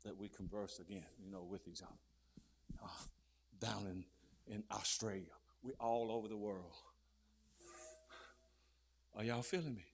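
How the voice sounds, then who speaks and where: A man preaching a fiery sermon, swinging from low murmurs to loud shouted peaks and calling out questions to his listeners. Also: fairly even intonation, moderate pace, long pauses, slight background noise. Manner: calls out to the crowd with repeated questions.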